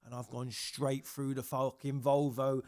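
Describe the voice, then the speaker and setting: A man's voice: mid-range voice, a little slow, no echo, clean studio sound. A man hosting a casual chat, telling swear-laden stories with acted-out quotes. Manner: swears freely, animated storytelling with acted quotes. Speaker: podcast host.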